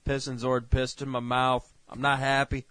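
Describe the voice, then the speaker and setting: A man co-hosting a casual review chat, swearing a lot and bursting into loud rants. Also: mid-range voice, monotone, moderate pace, clear, resonant tone, no echo. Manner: profane, ranting, loud outbursts. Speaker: co-host.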